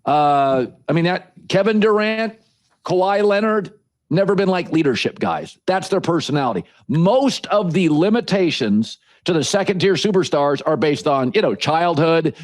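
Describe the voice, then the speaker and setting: A man giving calm, measured sports analysis as a guest, with occasional filler words. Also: a little high. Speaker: guest commentator.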